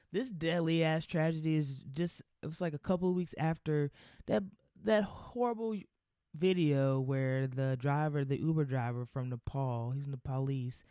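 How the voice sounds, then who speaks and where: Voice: mid-range voice, warm tone, dry recording. Angry sweary podcast rant, rambly, dry close sound. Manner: heated, profane ranting; loose, rambling with restarts. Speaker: podcast host. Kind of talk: solo podcast commentary.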